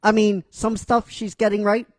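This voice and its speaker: A man's voice: high voice, flat delivery, normal speed, dry recording. A man casually narrating a fan-written story, chatty and rambling with many fillers.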